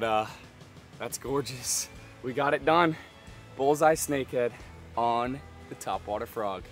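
A young man vlogs a fishing trip beside a canal, talking excitedly to an action camera and exclaiming often. His voice is medium in pitch and a bit bright.

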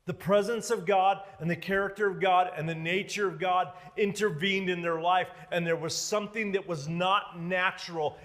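A male pastor preaching a sermon dramatically, swinging from loud declarations to hushed near-whispers. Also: sits high, long reverb tail. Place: church sanctuary.

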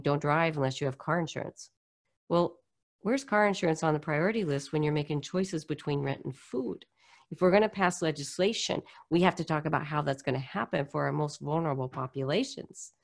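A woman's voice: sits low, vocal fry. A middle-aged woman from the United States, telling her story in an interview and acting out the voices of people she quotes. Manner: animated, acts out quoted voices. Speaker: guest speaker on poverty.

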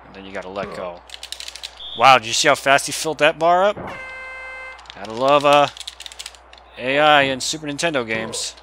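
A young man giving casual gameplay commentary, excitable and swearing as he yells at the game. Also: mid-range voice, normal speed, pauses often, a little hiss or hum. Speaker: gamer.

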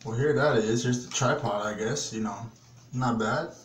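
A man's voice: mid-range voice, moderate pace. Brief: man vlogger, foul-mouthed and fed up, rambling review taped in a small bathroom with echo and background hiss. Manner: profane, exasperated rambling. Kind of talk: casual product review vlog. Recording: echoey bathroom with background noise.

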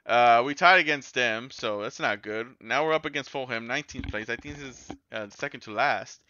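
Excitable man yelling over gameplay. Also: mid-range voice, moderate pace, no room sound, lo-fi sound. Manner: excitable, yells and swears at the game. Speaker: gaming YouTuber. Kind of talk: casual gameplay commentary.

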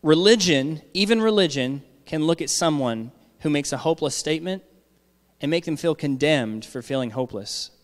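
A man's voice: a little high, lively intonation, moderate pace, long reverb tail. A man giving a sermon as pastor, talking conversationally and checking in with the congregation with frequent "all right?".

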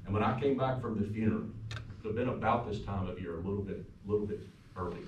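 A man, a pastor, delivering a funeral eulogy, telling anecdotes that sometimes drop to a soft, quiet tone. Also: on the low side, quick pace, highs cut off, slight background noise. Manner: storytelling, warm anecdotes, turns soft and quiet at times. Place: funeral home chapel. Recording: echoey room from far off.

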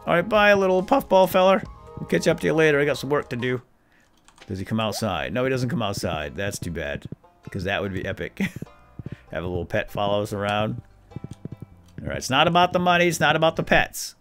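A man's voice: medium pitch, lively intonation, fairly quick, a bit bright, faint music behind. A man hosting a let's play, giving casual, jokey gameplay commentary and talking to the game characters.

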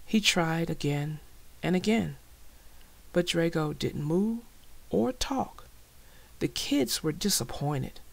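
Woman reading a kids' book aloud, slow, lively pitch, a little gravelly. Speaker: storybook narrator.

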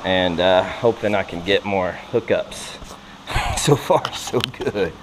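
A man, filming himself fishing for bass and exclaiming at each catch. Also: slow. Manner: excitable, exclaims often, laughs a lot. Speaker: fishing vlogger. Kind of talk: excited outdoor commentary. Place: outdoors by a creek under a bridge. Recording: noisy outdoor camera audio.

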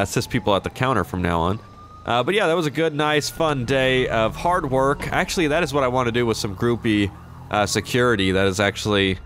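A man's voice: mid-range voice, a bit bright. A young man playing a shop clerk in an online roleplay game, chatting casually, swearing now and then and drawling out his action emotes. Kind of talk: casual gameplay commentary and in-character chat.

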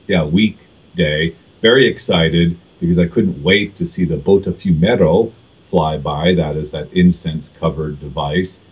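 A man from California, a guest on a podcast, recounting his travels in a measured, thoughtful way with frequent fillers. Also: sits low, slightly rough, lo-fi sound. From California, USA. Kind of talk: casual podcast interview.

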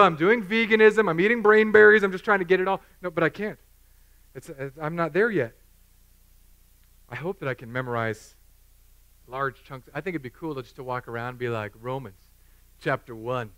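A man's voice: high voice, sharp tone. A pastor in his thirties preaching a sermon in a church, joking and conversational.

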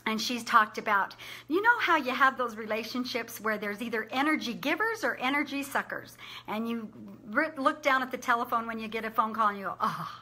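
A middle-aged woman talks to the camera in a casual, chatty way and laughs often. Her voice is a little high and very bright, with an upbeat, encouraging tone. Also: animated, fairly quick. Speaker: business owner sharing conference takeaways.

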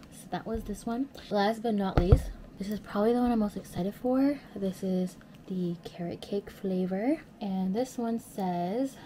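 Woman vlogger, casual and chatty, mid-pitched, soft whispery asides, noisy home recording. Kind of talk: casual vlog narration.

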